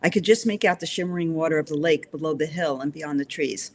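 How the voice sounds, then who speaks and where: A woman author reading her novel aloud in steady first-person narration. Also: low-pitched, quick pace, few pauses, slight background noise.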